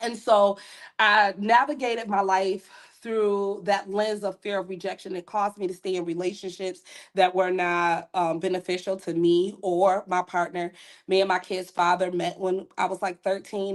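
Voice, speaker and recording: A woman speaks as a podcast guest, telling her faith testimony candidly and earnestly. Her voice sits a little low, and she drops easy, casual asides between the heavier moments. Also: flat delivery, normal speed.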